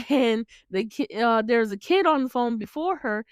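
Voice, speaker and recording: A woman's voice: fairly high pitch, lively intonation, measured pace, clean tone, dry recording, studio quality. A woman hosting a casual movie recap, chatty, laughing often and swearing freely as she retells scenes. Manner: chatty, laughs often, acts out the characters' lines. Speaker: podcast host recapping a movie. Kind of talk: casual chat.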